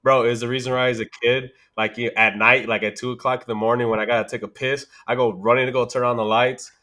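A man's voice: mid-range voice, flat delivery, fast, pushed and bright. A man in casual podcast chat, joking around and swearing a lot. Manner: joking, swears a lot, laughs between lines. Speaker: podcast co-host.

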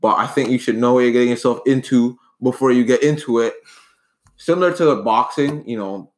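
A man making his case in a casual sports debate, earnest and rambling, often restarting his sentences. His voice sits at an ordinary middle pitch. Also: fairly quick. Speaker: debate co-host.

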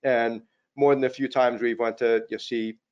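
A man's voice: medium pitch, little pitch movement, normal speed, a little mellow. Middle-aged man telling stories, dull audio. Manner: modest, anecdotal, many fillers and "you know". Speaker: company CEO guest. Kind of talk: casual interview storytelling.

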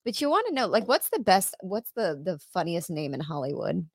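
A woman's voice: on the low side, sing-song, brisk, gravelly, breathy edge, dry recording. A woman chatting on a podcast in a giggly, playful storytelling manner, her voice rising and falling a lot. The sound is close and dry. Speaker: podcast co-host. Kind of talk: casual podcast chat.

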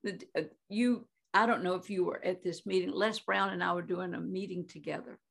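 A woman in her eighties, a Christian minister appearing as a guest, tells stories animatedly in conversation, laughing often and using lots of fillers. Her lowish voice is brisk, creaky, a bit bright, with fairly even intonation.

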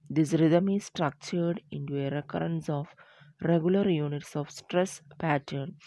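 A woman with a low, deep voice gives a lecture, reading her material aloud at a steady, deliberate pace. She stumbles and restarts now and then. The sound is dry and close, with no room echo. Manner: steady, deliberate delivery with small slips and restarts. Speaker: teacher. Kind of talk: lecture on poetic meter, reading from notes.

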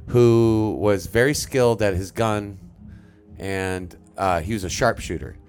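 A man's voice: on the low side, measured pace, darkish tone, faint music behind. A man co-hosting a live radio podcast, ranting with passion and plenty of swearing. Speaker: podcast co-host. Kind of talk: casual radio chat.

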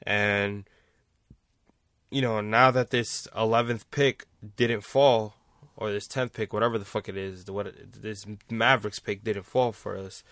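A man's voice: on the low side, sharp tone, no room sound. Blunt, profane man ranting about sports. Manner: blunt, profane, repeats points for emphasis. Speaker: sports commentator, vlog host. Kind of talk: casual sports rant.

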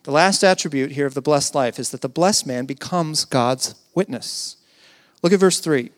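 A man's voice: on the high side, moderate pace. Earnest male preacher. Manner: earnest, with rhetorical questions and soft hushed passages. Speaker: pastor. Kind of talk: sermon.

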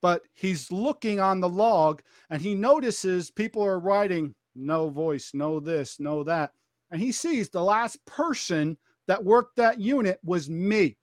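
A woman, a former corrections officer, telling her testimony as a podcast guest in an animated way, acting out the voices she quotes. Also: medium pitch, measured pace, hardly any pauses, dry recording, clean studio sound. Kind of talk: testimony storytelling.

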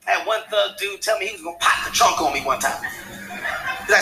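Animated stand-up comic with a light voice. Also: male voice, sits high, fast talker, loud music behind the voice, rough recording. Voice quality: light, small voice. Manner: animated, acts out characters and shouts punchlines. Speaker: stand-up comedian. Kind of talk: stand-up comedy routine.

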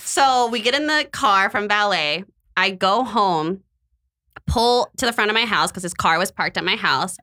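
A young woman telling a dating story in casual chat, animated and acting out the quotes, saying "like" a lot. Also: mid-range voice, normal speed. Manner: animated storyteller, acts out quotes, says "like" often.

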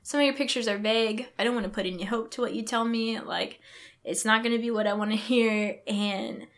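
A young, pregnant woman speaks as a podcast guest, sharing an emotional and heartfelt story of her faith. Her voice is fairly high, steady and fairly bright, and she talks fairly quickly. She's earnest throughout, acting out her own thoughts and the words of other people.

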